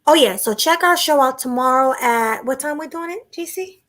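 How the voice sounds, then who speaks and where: A woman hosting a casual live-stream chat, relaxed and chatty, thanking her viewers. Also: sits high, moderate pace. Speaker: host.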